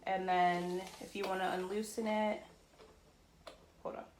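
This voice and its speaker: A woman vlogging from her bedroom, chatting casually and excitedly while she unboxes and sets up a ring light, with lots of "like" and "y'all". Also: medium pitch, a little slow, music in the background. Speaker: beauty vlogger. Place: bedroom at home. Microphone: phone or camera on a tripod.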